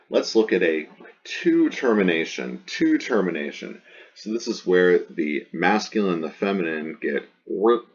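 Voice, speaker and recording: A man's voice: very deep voice, slightly rough, muffled recording. A man teaching ancient Greek grammar, chanting word forms in a sing-song and explaining patiently. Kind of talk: recorded grammar lesson.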